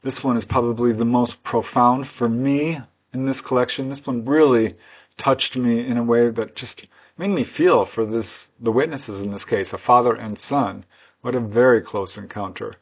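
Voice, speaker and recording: The man here, a UFO researcher and author, walks through case studies unscripted, his mid-range voice keeping fairly even intonation at a moderate pace. He tells each story in an earnest, conversational way, adding personal asides.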